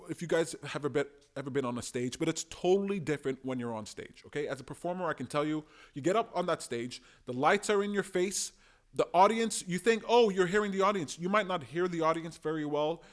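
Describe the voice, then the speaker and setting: Man, fairly high voice, animated and emphatic, casual solo commentary. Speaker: political commentator.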